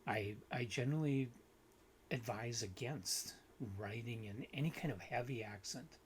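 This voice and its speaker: A man hosting a book video, giving an unhurried, critical review with frequent restarts and fillers. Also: mid-range voice, slight background noise.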